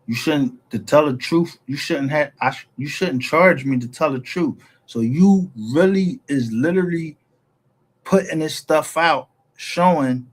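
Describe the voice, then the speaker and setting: A man giving a heated, profane, rambling commentary as a YouTube creator, often restarting his sentences. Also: a little high.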